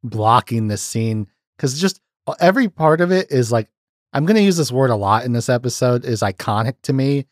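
An animated man in casual podcast chat, talking eagerly and breaking into laughter. His voice sits at an ordinary pitch and the sound is dry and close. He retells scenes with quick restarts. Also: dry recording. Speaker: podcast host.

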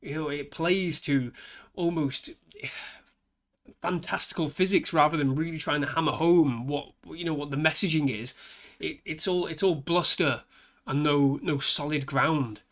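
A man's voice: fairly high pitch, a little slow, fairly bright tone. A man giving an exasperated, sighing film review rant, swearing often.

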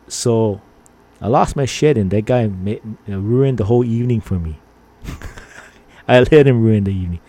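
A man's voice: lowish voice, moderate pace, long pauses, mellow. A middle-aged man from Hawaii hosting a podcast, rambling through stories with lots of fillers and acting out angry lines. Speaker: podcast host. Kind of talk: casual storytelling monologue.

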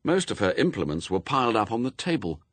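A man narrating a novel in a wry, expressive storytelling manner, recorded close and dry. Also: lowish voice, quick pace, no room sound. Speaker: audiobook narrator. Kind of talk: scripted narration.

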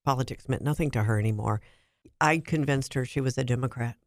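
A man's voice: medium pitch, fast, dry recording, studio quality. A man hosting a podcast, chatty, with joking asides. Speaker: podcast host. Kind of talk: conversational interview.

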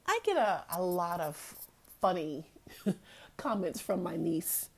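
A woman's voice: on the low side, very animated, slow, creaky, slightly rough. Earnest woman giving a motivational talk. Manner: earnest, repeats key phrases for emphasis. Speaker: host of a talk series.

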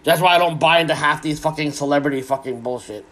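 A man's voice: a little high, quick pace, sharp tone. A man in an angry, heavily profane solo rant. He is sarcastic and keeps repeating words as he restarts his sentences.

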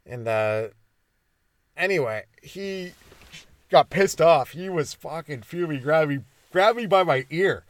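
A man's voice: on the high side, expressive, takes it slowly, no echo. A man from Ontario, hosting a comedy podcast in a rambling, crude, ironic monologue that keeps interrupting itself. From Ontario, Canada.

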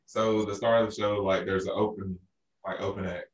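Deep-voiced man telling a rambling story. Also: level tone, fairly quick, far from the mic. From Arkansas, USA. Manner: rambling, with many restarts and fillers. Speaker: podcast co-host. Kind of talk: casual storytelling chat. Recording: roomy echo, a bit off-mic.

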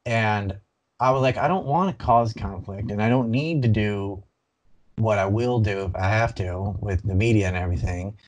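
A man guest in a casual interview, telling his story in an animated, rambling way with many restarts. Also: on the low side, moderate pace, lo-fi sound. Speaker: banned video creator.

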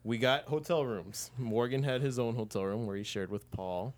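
A man co-hosting a casual chat, narrating a story briskly and teasing his friend. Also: medium pitch. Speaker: podcast co-host.

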